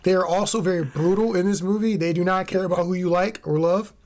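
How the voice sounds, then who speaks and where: A man co-hosting a movie review show, chatting in a casual, jokey, animated way. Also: sits high, fast. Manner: animated, jokey, tries out impressions. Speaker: movie review podcast co-host. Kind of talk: casual chat.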